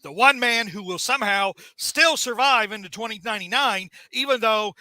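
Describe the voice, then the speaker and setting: A high-voiced male host chatting through a comic review, full of jokes and quick asides. His tone is sharp and bright, recorded dry and close. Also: dry recording. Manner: jokey, animated, acts out scenes. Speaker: podcast host. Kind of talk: casual comic book review chat.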